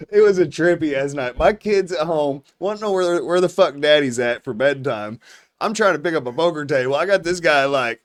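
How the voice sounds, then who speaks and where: A man's voice: fairly high pitch, fairly quick. Profane, laughing storyteller man. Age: 40s. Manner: profane, animated storyteller who laughs through his anecdotes. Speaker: podcast host. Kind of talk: casual storytelling.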